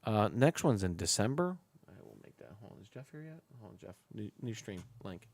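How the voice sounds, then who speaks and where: Gravelly, animated male stream host. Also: on the low side, brisk. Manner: loose, laughing, swears freely, talks to chat. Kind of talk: casual live stream chat.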